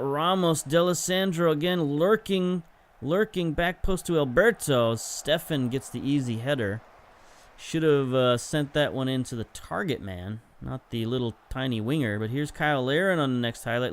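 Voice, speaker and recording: Over clips from a football management game, a young man who hosts gaming videos gives easygoing play-by-play. He grows excited when opportunities arise and keeps correcting himself mid-commentary.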